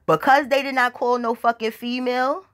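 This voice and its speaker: A woman vlogger with a fairly high, steady and somewhat bright voice tells a casual story at normal speed. She swears, stresses her points hard, and often asks "you understand?"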